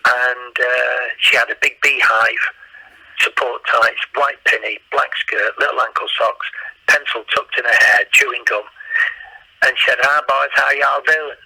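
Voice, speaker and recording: Bright, husky-voiced English impressionist. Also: male voice, mid-range voice, unhurried, dry recording, poor audio. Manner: animated anecdotes, slips into accents. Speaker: guest impressionist. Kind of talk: casual storytelling chat.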